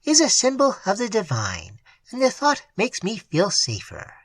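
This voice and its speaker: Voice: medium pitch, huge pitch swings, normal speed, a bit bright, breathy edge, no room sound, pitched above the performer's own voice, exaggerated voice. A narrator voicing a frightened, pious middle-aged woman, the wife of a clergyman, in a classic storybook reading. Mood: earnest.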